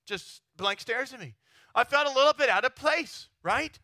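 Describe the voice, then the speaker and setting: A pastor from Texas preaching a sermon in a lively, chatty way, often checking in with his listeners. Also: very high-pitched, moderate pace, no room sound, clean studio sound. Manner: animated, chatty, keeps asking the crowd "right?".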